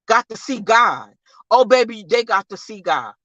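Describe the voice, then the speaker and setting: Live-stream host, forceful faith pep talk, dry close sound, big swings from hushed low lines to loud high outbursts. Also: very animated, normal speed, dry recording, muffled recording. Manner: preachy, emphatic, repeats phrases, calls listeners baby. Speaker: livestream host.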